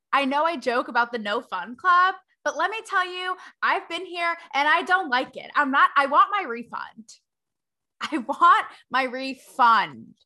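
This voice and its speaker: A young woman reporter hosting her own show, talking to camera in a sarcastic, animated way and laughing between points. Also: fairly high pitch. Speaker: reporter and host. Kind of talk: opinionated talk to camera.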